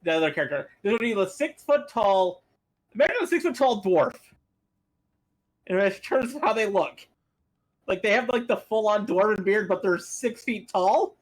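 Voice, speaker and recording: A man chatting as a player in a tabletop game, pausing often to search for words. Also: high-pitched, expressive.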